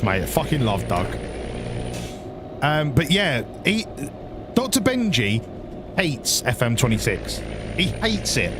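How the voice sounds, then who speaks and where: A man chatting away on a live stream, sweary and rambling, his fairly high voice swinging up and down with lots of life. Behind him there's a steady wash of vehicle and road noise from the game. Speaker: hobby streamer. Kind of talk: casual live-stream chat to viewers while gaming.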